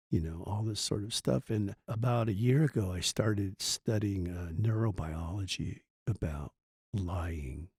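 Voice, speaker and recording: A man's voice: lowish voice, dark tone, husky, no room sound, clean studio sound. A man hosting a podcast interview, speaking thoughtfully and a bit hesitantly. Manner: thoughtful, hesitant, many fillers and restarts. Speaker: podcast host. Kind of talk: casual interview conversation.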